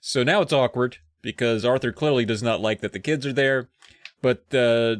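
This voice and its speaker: A man's voice: mid-range voice, normal speed, dry recording, clean studio sound. A man casually retelling a children's book for laughs, rambling and voicing the characters. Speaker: podcast co-host. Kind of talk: casual comedic recap.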